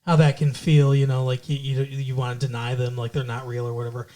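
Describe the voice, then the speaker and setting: A man voicing a friendly, sympathetic young male intern, quietly, in his own everyday voice. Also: flat delivery, brisk, lightly acted. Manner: casual retelling, low and quiet.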